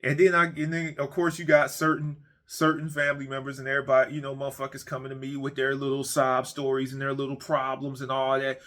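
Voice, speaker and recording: A man's voice: mid-range voice, steady tone, fast, few pauses, fairly bright tone. A man sits in his man cave and unloads a comic, profanity-laden rant. He is blunt and repetitive, and he keeps stumbling and restarting his sentences as he goes. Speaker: ranting monologue creator.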